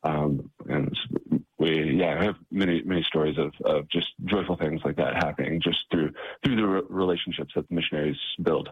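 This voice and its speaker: A man being interviewed as a charity staff member, speaking in a halting way and repeating words, heard over a tinny phone-like line. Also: rumbling low, steady tone, husky. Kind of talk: interview conversation.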